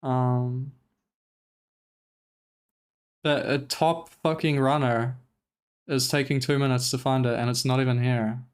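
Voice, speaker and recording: A man's voice: medium pitch, fairly even intonation, moderate pace, clean tone. Profane, rambling young male streamer. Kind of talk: casual livestream commentary.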